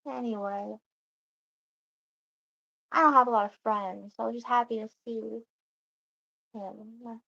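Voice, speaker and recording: A woman's voice: on the high side, steady tone, unhurried, creaky, long pauses, bright, forceful tone, highs cut off. A woman telling a personal story in a meandering, self-interrupting way, often laughing and stopping to restart her sentences.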